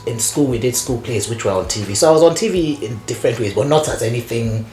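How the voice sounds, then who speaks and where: A woman guest telling stories in casual conversation, animated and laughing often, with lots of "you know" fillers. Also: a bass voice, quick pace, a little hiss or hum. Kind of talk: conversational storytelling. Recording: echoey room.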